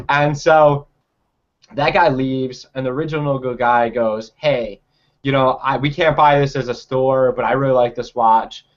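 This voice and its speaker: A man's voice: mid-range voice, steady tone, moderate pace, dull audio. A young man telling a personal story in a casual, rambling way, full of fillers and restarts.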